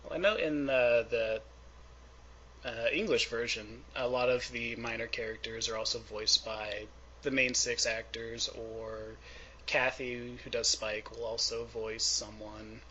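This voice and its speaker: A man hosts a casual interview and puts his questions with a friendly, chatty ease, often pausing on fillers. His voice sits in a middle pitch with a bright, forward tone. The recording is dull and lo-fi, with a faint hiss underneath. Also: fairly even intonation. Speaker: interviewer host.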